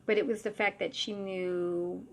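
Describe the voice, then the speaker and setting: A woman's voice: medium pitch, a little slow, gravelly, slight background noise. Woman, psychic medium type, chatty storyteller with lots of asides and blunt language; casual talk to camera. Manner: chatty and animated, full of 'like' and asides.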